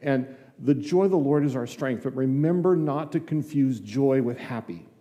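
Heard in a large hall, a medium-pitched, dark-toned male voice speaks at a moderate pace. The older man is a district superintendent serving as guest preacher in a church sanctuary, delivering a conversational, folksy sermon with acted-out dialogues and asides.

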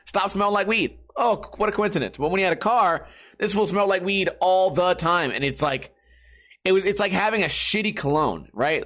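A man's voice: high-pitched, sharp tone. A young man telling a rambling, profane story in a casual monologue, mocking himself and laughing often.

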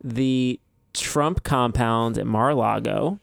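A man hosting a casual podcast chat, calm and easygoing, asking teasing questions. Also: mid-range voice, takes it slowly, gravelly, no echo. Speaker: podcast host.

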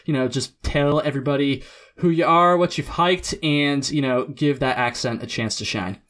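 A man's voice: mid-range voice, moderate pace, fairly bright tone. A young man hosting a hiking podcast in a laid-back, chatty way, laughing often and restarting his sentences. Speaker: podcast host. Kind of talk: casual podcast interview.

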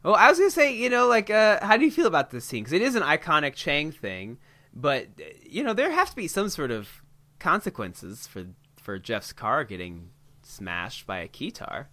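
A man co-hosting a podcast in casual chat about a TV episode, animated and quick to laugh. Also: a little high. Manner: laughs easily, animated and joking. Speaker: podcast co-host.

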